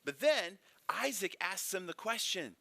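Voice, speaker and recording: This man's voice is high, gravelly, pushed, and bright, with a sing-song lilt and a slightly slow pace; the recording is dry. Teaching an informal Bible class at church, he keeps it conversational and peppers it with "right?"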